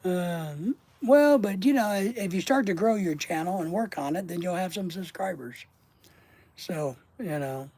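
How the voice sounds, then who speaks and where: A man with a warm, mellow voice tells a rambling personal story to his channel's viewers, swearing freely and often trailing off mid-sentence. His voice sounds close and dry, with no room around it. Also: sits high, expressive, measured pace, no echo. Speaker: channel host. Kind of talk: casual livestream storytelling.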